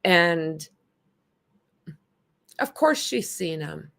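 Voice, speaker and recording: A woman's voice: fairly low pitch, animated, drawn-out words, vocal fry, a bit bright. A woman hosting a casual livestream, commenting bluntly and with indignation while chatting with viewers. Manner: blunt, indignant, talks back to chat. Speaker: livestream host.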